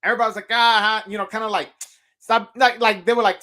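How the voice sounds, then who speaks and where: Animated high-voiced man talking boxing. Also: fast talker. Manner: animated, loose and profane, laughing often, many restarts. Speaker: podcast host. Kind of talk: casual boxing talk.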